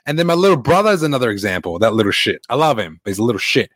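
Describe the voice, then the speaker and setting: A man, a fitness coach giving a blunt, swearing motivational talk with animated stories. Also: mid-range voice, very fast, no room sound. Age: late 20s.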